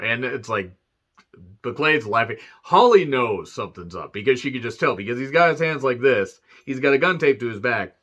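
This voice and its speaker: A man's voice: medium pitch, lively intonation, moderate pace, bright, forceful tone. A man casually recapping a movie plot, rambling with profane jokes and lots of fillers. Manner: profane, joking asides, many fillers. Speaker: movie reviewer.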